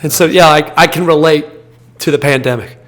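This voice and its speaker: A man in his thirties, a podcast host, telling a story in a blunt, animated, casual way. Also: fairly high pitch, a little fast. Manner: animated, blunt, acts out quoted dialogue.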